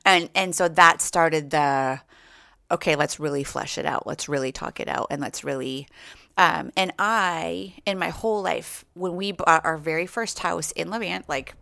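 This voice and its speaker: Casting note: middle-aged female co-host, low gravelly voice, animated storyteller. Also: a little slow. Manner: animated storytelling, acts out quoted lines. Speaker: podcast co-host. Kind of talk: casual chat among friends.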